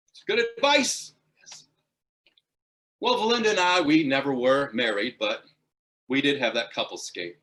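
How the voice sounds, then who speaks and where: Animated man giving a funny speech. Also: mid-range voice, a little slow, long pauses. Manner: animated, punchline-driven storytelling. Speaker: guest speaker. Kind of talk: humorous club speech.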